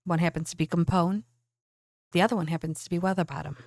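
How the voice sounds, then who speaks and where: A woman's voice: on the low side, steady tone, fast, darkish tone, no room sound, clean studio sound. A woman narrating a tabletop role-playing game as game master, chatty and casual with many fillers.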